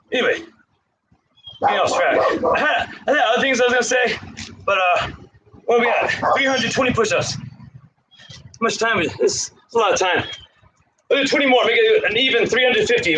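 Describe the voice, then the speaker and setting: A man with a high voice, winded from doing push-ups as he talks, drifting between counting and rambling stories in a loose, casual way. The recording is noisy and rough. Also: lively intonation, normal speed, long pauses. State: out of breath from exercise. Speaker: karate instructor.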